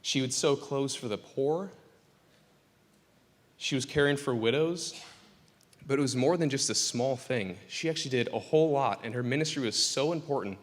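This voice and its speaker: A man's voice: mid-range voice, normal speed. Joking man preaching in an echoing church. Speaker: pastor. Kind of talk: casual sermon. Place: church sanctuary. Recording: church hall reverb.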